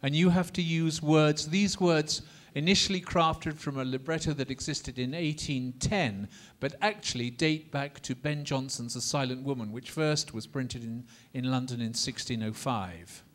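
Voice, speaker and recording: A man lecturing a class on opera in a lively, theatrical way, coaxing the students to repeat lines and demonstrating phrases. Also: mid-range voice, normal speed, few pauses.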